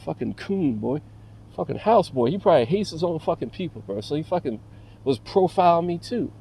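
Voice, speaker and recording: Agitated man ranting, dark voice. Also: fairly high pitch, expressive, fairly quick, creaky, breathy edge, poor audio. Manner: profane, agitated storytelling, heavy fillers. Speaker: vlogger. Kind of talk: casual rant to camera.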